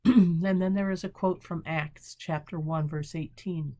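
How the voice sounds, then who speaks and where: Speaking in a fairly low, steady voice, a woman pastor leads a brief devotional with a prayerful tone. She takes her time, reading slowly and gently while pausing to find the right words.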